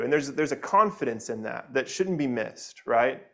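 A pastor preaches an expository sermon earnestly, often repeating words, checking in with "right?", and reading scripture aloud with feeling. His voice is medium-pitched and fairly bright, with lively intonation at a normal speed.

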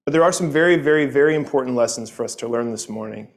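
A man's voice: medium pitch, fast. A man teaching a Sunday morning Bible lesson, earnest and conversational, often repeating words as he goes.

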